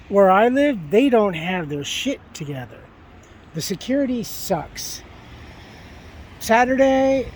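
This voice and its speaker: Man, high voice, casual vlog rant, swears a lot, outdoors, phone mic, faint background noise. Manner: profane, animated storytelling rant. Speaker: vlogger. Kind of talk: casual walking vlog, ranting. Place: outdoors at a park.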